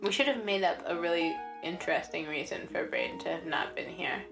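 A woman's voice: on the low side, lively intonation, vocal fry, far from the mic, over music. A young woman co-hosting a casual film podcast, playful and teasing. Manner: playful, teasing, quick to laugh. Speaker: podcast co-host. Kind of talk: casual chat. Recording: roomy echo.

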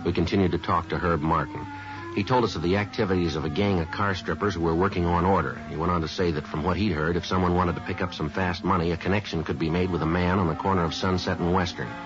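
A clipped, no-nonsense police detective, played by a man, reports his case in a very deep voice at a brisk clip. Music plays clearly behind him on a dull, lo-fi old radio recording. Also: fairly even intonation, natural voice. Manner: clipped, matter-of-fact delivery. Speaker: narrator and lead detective. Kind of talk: 1950s radio crime drama.

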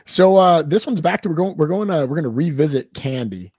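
A man's voice: fairly high pitch, lively intonation, brisk, a little mellow, slightly rough, dry recording. Chatty male co-host, dry sound. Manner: chatty storyteller, rambling asides. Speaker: podcast co-host. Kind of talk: casual chat.

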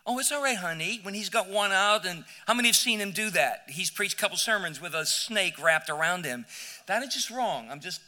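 An older man preaching a sermon as pastor in a church, with emphatic, drawn-out phrases and loud swells. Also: high voice, in a large hall. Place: church sanctuary.

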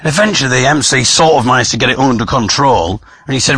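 A man telling a story about a comedy night, acting out the crowd's shouts. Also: mid-range voice, quick pace, hardly any pauses, slightly rough, no room sound. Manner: animated, acts out crowd shouts. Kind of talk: storytelling vlog.

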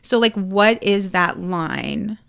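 A Texan woman co-hosting a casual chat, telling travel stories in a lively way and acting out what people said. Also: mid-range voice, slow pace, vocal fry, clear, resonant tone. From Texas. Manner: animated storyteller, acts out quotes. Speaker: podcast co-host.

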